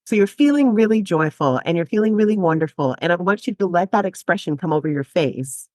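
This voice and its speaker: A woman's voice: lowish voice, expressive, brisk, darkish tone, no echo. A woman psychotherapist guest on a podcast, talking animatedly, laughing often and acting out quoted voices. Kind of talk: podcast interview.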